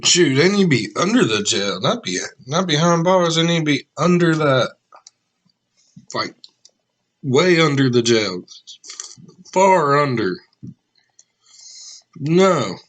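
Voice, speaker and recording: A man's voice: fairly high pitch, takes it slowly, pauses often. A man giving casual, jokey reaction commentary. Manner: chatty, animated, jokey outbursts. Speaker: reaction video host.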